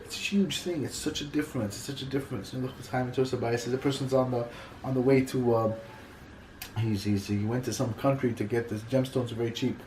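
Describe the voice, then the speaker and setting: A man giving an informal Torah class, talking in halting bursts that repeat and restart his phrases. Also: mid-range voice, steady tone, darkish tone, reverberant, a little hiss or hum, poor audio. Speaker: Torah teacher.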